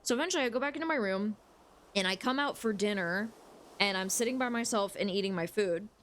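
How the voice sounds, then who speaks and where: A young woman streams a game and chats as she plays, her medium-pitched voice quick and slightly bright. She rambles openly and swears without holding back.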